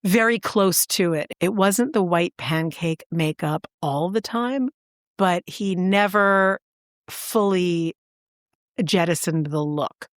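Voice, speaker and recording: A woman with a lowish voice tells a story in casual chat, eager and animated. She jumps up in pitch to stress her words. The recording is dry and close. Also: takes it slowly, no echo. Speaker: podcast co-host.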